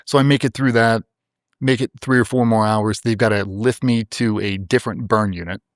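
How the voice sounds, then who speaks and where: A man's voice: on the low side, fairly even intonation, normal speed, dry recording, clean studio sound. A middle-aged man, a former special operator, telling a vivid, blunt, profane story as a guest in an interview.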